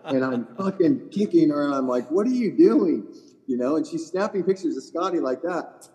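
A man co-hosting a casual golf podcast, spinning long rambling anecdotes with a loose, profane edge. His voice sits warm and dark. The recording rings with a long room reverb. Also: a little high, fairly quick. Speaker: podcast co-host, PGA Tour caddie. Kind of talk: casual chat, storytelling.

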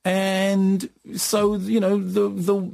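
A British man co-hosting a radio film review, animated and mocking, slipping into quick sarcastic asides. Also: high voice, creaky, no echo, clean studio sound. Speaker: film critic co-host.

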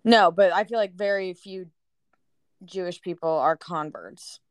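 Young female co-host, smooth clear voice, dry close sound, blunt and direct. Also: fairly low pitch, dry recording. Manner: blunt, quick to disagree. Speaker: podcast co-host. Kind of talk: casual chat.

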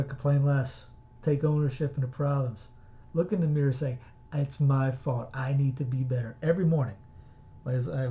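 A man's voice: a little high, dull audio. A man hosting a show who gives casual religious commentary, blunt and exhorting, rambling with restarts.

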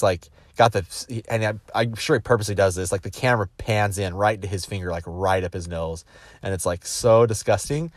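Lower-voiced man telling motivational stories. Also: dry recording, clean studio sound. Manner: animated, acts out quoted voices, frequent restarts. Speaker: business executive giving a motivational talk. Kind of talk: casual motivational storytelling.

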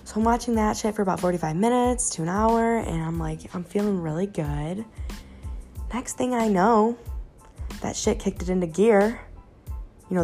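A young woman talks through a podcast story in a loose, swear-heavy ramble, mocking herself as she goes. Her voice sits low with a gravelly edge. Faint music plays quietly underneath. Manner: profane, rambling, self-mocking. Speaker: podcast host. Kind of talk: casual storytelling monologue.

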